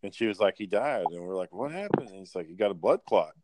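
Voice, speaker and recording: A man telling work stories in casual chat, animated and profane, acting out the people in them. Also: sits low, quick pace, no echo.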